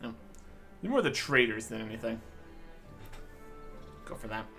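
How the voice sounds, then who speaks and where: A man giving casual, low-key gameplay commentary, muttering short notes to himself as he plays and reads in-game dialogue aloud. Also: very animated, a little slow, bright, forceful tone, faint music behind. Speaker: gamer reading dialogue aloud.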